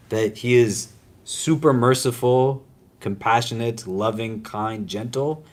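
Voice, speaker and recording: A man's voice: medium pitch, slow pace. A man teaching a casual religious class as an imam, talking conversationally with self-deprecating humor and often asking "right?" and "does that make sense?". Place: lecture room at a university Islamic center.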